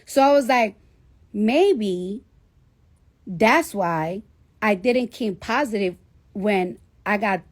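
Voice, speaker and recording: A woman's voice: mid-range voice, takes it slowly, pauses often. A woman in her thirties telling a story casually on a live stream, swearing freely and acting out the dialogue. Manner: profane, animated storytelling with quoted dialogue. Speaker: livestreamer.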